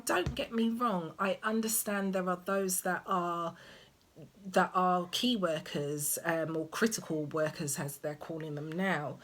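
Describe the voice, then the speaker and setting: Young mum chatting slow to camera, low voice, lots of ums. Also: female voice. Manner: rambling, hesitant, many ums and restarts. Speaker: parenting vlogger. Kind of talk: casual chat to camera.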